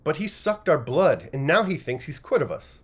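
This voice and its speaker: A man's voice: fairly high pitch, very animated, normal speed, husky, voice pushed up. A man voicing a thin, bearded male bootmaker complaining about an employer who cheated him, in a storybook reading. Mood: aggrieved.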